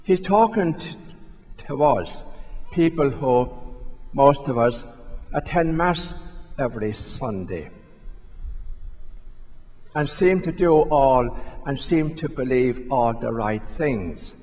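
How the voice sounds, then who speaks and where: A man's voice: medium pitch, lively intonation, slow, long pauses, a little mellow. A man, a priest, giving a sermon in a large church, talking in a conversational, self-questioning way and repeating himself as he tells a story. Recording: long reverb of a church hall.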